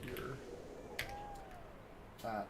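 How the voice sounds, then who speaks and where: A livestreamer chats casually while building in a game, laid-back and rambling, drawing out his words and coughing now and then. The audio is very noisy.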